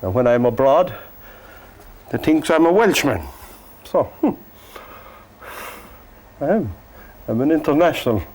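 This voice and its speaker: A man from Cork with an Irish accent, teaching a painting lesson in a gentle, joking, soft-spoken way. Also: mid-range voice, animated, a little slow, long pauses, husky. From Ireland. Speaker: painting instructor. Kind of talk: painting lesson with chatty asides.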